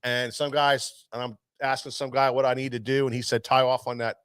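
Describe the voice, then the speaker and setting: A man's voice: medium pitch, flat delivery, fairly quick, a bit bright, clean tone, dry recording. A man who runs a tackle shop, telling a long fishing story in casual chat, rambling with many restarts. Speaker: tackle shop owner, show host.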